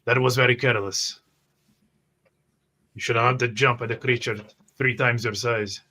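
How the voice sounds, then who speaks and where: Man, tabletop player, wary clipped delivery, bright forceful tone. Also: mid-range voice, steady tone, normal speed. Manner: wary, clipped in-character talk. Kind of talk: tabletop role-play.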